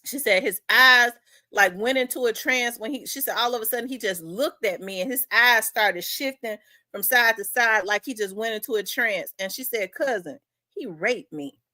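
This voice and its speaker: A woman's voice: on the high side, moderate pace, pushed and bright, dry recording. A woman host telling a story in casual chat, talking in winding asides and repeating herself.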